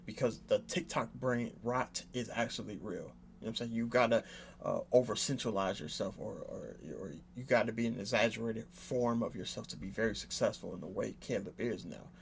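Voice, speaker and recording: A young man with a low, gravelly voice talks loosely over a video he is reacting to. He rambles and circles back, fills gaps with "uh" and keeps checking in with the listener. A faint hum of ambient noise sits behind him. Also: steady tone, fairly quick. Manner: rambling, many fillers and "you know what I'm saying". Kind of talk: casual reaction commentary.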